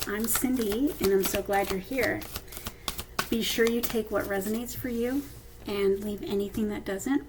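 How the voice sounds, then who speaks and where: A woman at a mid pitch gives a casual card reading, talking straight to her viewers. Her delivery is chatty, and she keeps checking in with them as she goes. A faint hiss runs underneath. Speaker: tarot card reader. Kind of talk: casual intuitive reading to camera.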